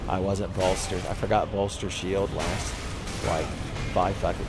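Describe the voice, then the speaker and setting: A man's voice: low voice, fairly even intonation, moderate pace, music in the background. Sarcastic man ranting over gameplay. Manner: sarcastic, ranting, laughs at own jokes. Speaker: let's play host. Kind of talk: profane gameplay commentary.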